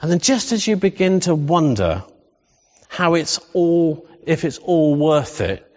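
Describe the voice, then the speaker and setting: A man's voice: a little high, lively intonation, unhurried, darkish tone. A man preaching a sermon in a humorous, conversational way, often asking the congregation questions. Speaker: pastor. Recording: dull sound with long hall reverb.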